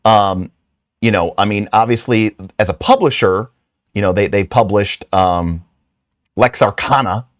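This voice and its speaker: A man's voice: on the low side, unhurried, no room sound, studio quality. A middle-aged man hosting his own channel, talking casually and rambling through self-deprecating stories with lots of restarts and asides. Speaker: channel host.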